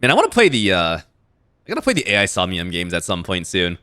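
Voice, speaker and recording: A man streaming a video game, giving animated, swear-heavy commentary with frequent reactions. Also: low-pitched, fast. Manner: animated, swears and laughs often. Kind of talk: casual let's-play commentary.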